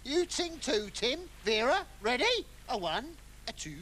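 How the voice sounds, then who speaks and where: A performer voicing a hapless, excitable castaway lost at sea in a children's puppet comedy, swinging between calm and wailing panic. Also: mid-range voice, unhurried, slight background noise. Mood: comic panic.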